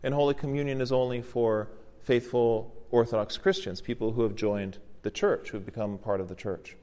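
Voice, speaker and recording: Orthodox priest teaching in a reverberant church. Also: male voice, medium pitch, fairly even intonation, moderate pace. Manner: explanatory, gently encouraging. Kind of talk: teaching sermon during liturgy.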